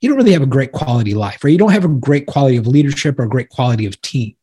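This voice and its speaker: A man's voice: mid-range voice, expressive, very fast, dark tone, husky. A middle-aged man co-hosting a podcast and talking as an executive coach, earnest and rambling, with many fillers and restarts. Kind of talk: casual podcast conversation.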